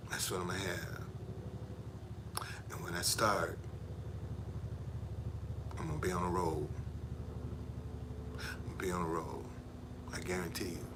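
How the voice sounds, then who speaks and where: A man's voice: low-pitched, creaky, noisy background. A man live streaming in a casual, rambling way, repeating himself and talking straight to his viewers. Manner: repetitive, emphatic, addresses viewers directly.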